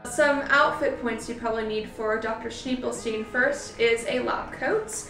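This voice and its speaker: A young woman in college, a cosplay vlogger, chats casually through a makeup and costume tutorial, giggling a lot and filling her speech with "like." Her voice is slightly high, measured and a bit bright. She sits away from the mic in an echoey room with faint music behind her.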